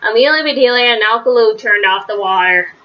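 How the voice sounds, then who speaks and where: A woman reading a children's picture book aloud, with a lively delivery that rises high on the characters' shouts. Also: a little fast, highs cut off. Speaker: storybook reader.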